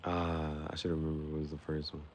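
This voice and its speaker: A man casually chatting with his live-stream viewers, playful and quick to laugh as he riffs on the spot. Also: extremely low pitch, monotone, a little hiss or hum.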